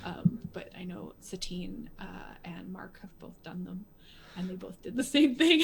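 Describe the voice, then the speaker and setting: A woman's voice: fairly low pitch, normal speed, creaky, a little hiss or hum. A woman talking as a guest in a casual chat, telling stories with frequent laughter. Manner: laughs often, animated storytelling.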